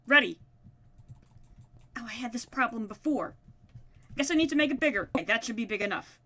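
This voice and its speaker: High bright gamer lady chatting thru her let's play, taunts the mobs, goofy. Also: lively intonation, fairly quick, pauses often. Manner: playful, talks to mobs, mock-dramatic taunts. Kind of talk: casual let's-play commentary.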